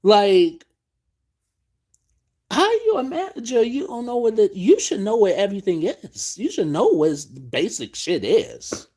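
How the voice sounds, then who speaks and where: Slow, swinging male stream host rant. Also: high-pitched, very animated, a little mellow. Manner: profane, ranting, exasperated. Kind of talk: late-night live stream rant.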